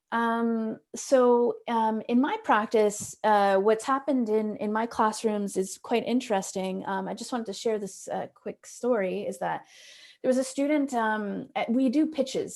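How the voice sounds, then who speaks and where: A woman's voice: mid-range voice, a little mellow. A woman educator giving a seminar presentation, telling a classroom story in a thoughtful way with frequent ums and restarts. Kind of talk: conference presentation.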